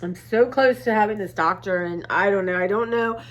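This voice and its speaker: A woman's voice: medium pitch, normal speed. A middle-aged woman vlogging in a casual, rambling way, reflective and heartfelt, tired and close to tears. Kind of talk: casual personal vlog chat.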